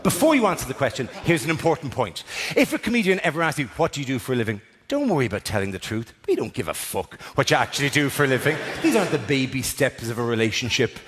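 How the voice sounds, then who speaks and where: A man's voice: mid-range voice, big pitch swings, fast talker, a bit bright. An Irish man, a stand-up comedian teasing the front row, swearing freely. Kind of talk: crowd work stand-up. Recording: live room with audience noise. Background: audience laughter.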